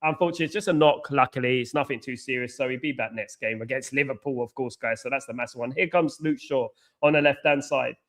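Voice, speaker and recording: Talking quickly with hardly any pauses, a young man with a mid-range voice hosts a live watchalong for football fans. He chats with viewers and reacts loudly, groaning one moment and shouting the next.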